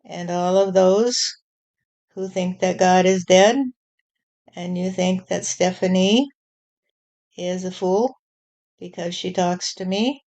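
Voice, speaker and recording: A woman channeling God as a stern male deity warning humanity, speaking in a slow, measured way and often repeating "you see". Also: fairly low pitch, warm tone, lo-fi sound. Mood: scolding. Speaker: spirit channeler. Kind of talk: channeled spirit message.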